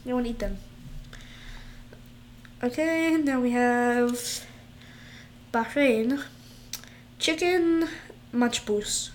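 A woman's voice: a little high, very slow, pauses often, slight background noise. A woman in casual chat, reading out dishes with giggles and stumbling over foreign words.

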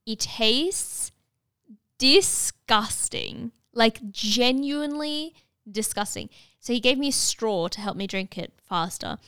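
A young woman telling a story in casual chat, animated and full of fillers, acting out what others said. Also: on the high side, takes it slowly, clear, resonant tone, no room sound, studio quality. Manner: animated, many filler "like"s, acts out dialogue.

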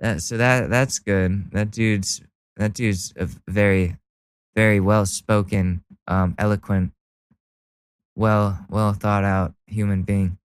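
A man's voice: lowish voice, fairly even intonation, takes it slowly, clean tone, no room sound. A young man doing mocking, profane reaction commentary, sarcastic and laughing often. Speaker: commentary streamer.

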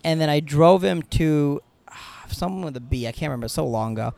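Man, podcast guest, comedian, rapid, somewhat high voice, profane storytelling. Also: animated, vocal fry, a little mellow. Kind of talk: casual storytelling.

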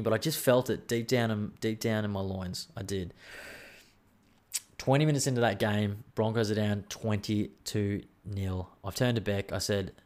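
A young man hosting a solo podcast, telling rambling, excitable stories and swearing freely. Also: fairly low pitch. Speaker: podcast host. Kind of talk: casual solo podcast chat.

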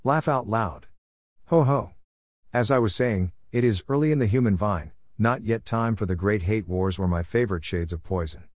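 A man's voice: lowish voice, moderate pace, no room sound, studio quality, lightly acted. A man voicing a scheming, boastful male affliction spirit who mocks and gloats in a storybook tale. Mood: gloating.

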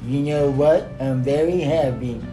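A man voicing a droopy, mournful cartoon dog in a slow, glum monotone. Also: fairly high pitch, faint music behind, natural voice, low-quality recording. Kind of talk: cartoon voice impression.

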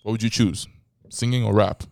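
A man's voice: fairly low pitch, steady tone, moderate pace, vocal fry, darkish tone. A man hosting a casual podcast chat, playful and teasing as he puts questions to his friends. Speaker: podcast host.

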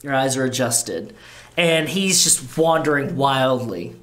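A man narrating as game master in a relaxed, casual way with many fillers. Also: mid-range voice, measured pace.

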